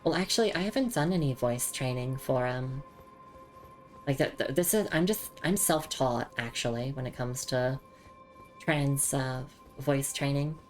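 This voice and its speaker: A young Australian woman streams a game in a loose, chatty way, tripping over and repeating her words. Her Australian voice sits very low. Faint game music plays behind her. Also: unhurried, darkish tone. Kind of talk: casual live game commentary.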